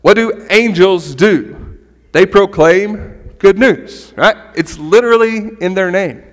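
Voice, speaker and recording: A middle-aged man giving a conversational sermon as a pastor, animated and often checking in with "right?". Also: high voice, slow. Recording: long hall reverb.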